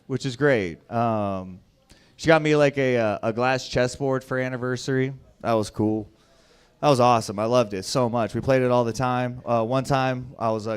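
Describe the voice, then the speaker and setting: A young adult man doing a profane stand-up comedy set on a club stage, swinging between loud shouting and low mutters. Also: clear, resonant tone.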